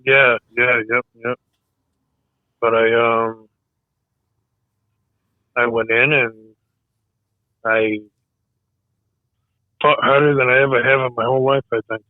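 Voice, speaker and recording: A man losing his voice, speaking hesitantly with pauses and fillers as he answers questions in a casual interview. The sound is narrow and tinny, like a phone line. It is dry, with no room echo. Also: medium pitch, little pitch movement. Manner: halting, hesitant speech. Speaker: military veteran guest.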